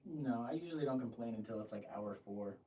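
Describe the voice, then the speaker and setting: A man's voice: medium pitch, lively intonation, quick pace, warm tone. A man in his thirties co-hosting a casual travel chat at home, joking and laughing often. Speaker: podcast co-host. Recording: distant mic with faint noise.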